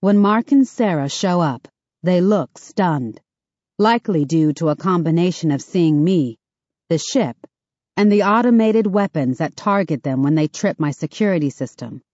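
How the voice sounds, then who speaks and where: A woman narrating a first-person audiobook in a steady, measured way. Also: on the low side, no room sound. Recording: dull, dry studio recording.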